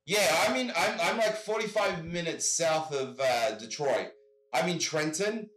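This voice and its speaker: A man's voice: on the high side, expressive, a little slow, fairly bright tone, echoey room, poor audio. A man from Australia with an Australian accent, telling rambling stories in casual chat and often repeating "I gotta tell you.". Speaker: guest. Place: home in Michigan.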